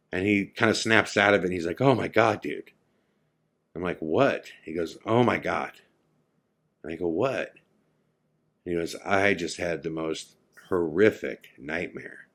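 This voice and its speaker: A man hosting a podcast, retelling a night out in a casual, animated way, acting out his friends' lines and going quiet for the eerie parts. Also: sits low. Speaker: podcast host. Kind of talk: casual storytelling.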